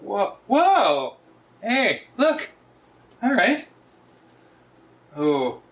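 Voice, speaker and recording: A man, hosting a casual cooking vlog in a joking, often loud way. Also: high voice, wildly swooping pitch, extremely slow. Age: 60s. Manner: jokey, often laughs and raises his voice. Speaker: cooking video host.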